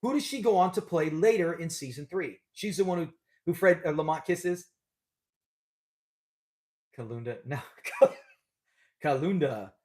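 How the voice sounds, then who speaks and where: High-voiced man hosting a live stream. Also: normal speed, a little mellow. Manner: chatty, upbeat, laughs often. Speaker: host of a live trivia stream. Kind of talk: casual live-stream chat.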